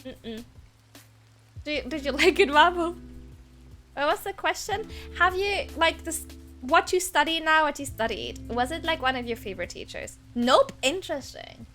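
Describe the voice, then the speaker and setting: A young woman streaming a game, chatting casually and excitedly with her viewers. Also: high-pitched, normal speed, faint music behind. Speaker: variety streamer. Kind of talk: casual live-stream chat while gaming.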